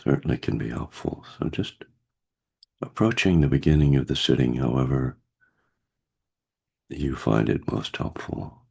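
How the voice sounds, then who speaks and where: A man with a cold leading a guided meditation over a video call, speaking gently with pauses and fillers. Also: very deep voice, gravelly, husky. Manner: slow, gentle, pausing guidance with fillers. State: has a cold, husky voice. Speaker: meditation teacher.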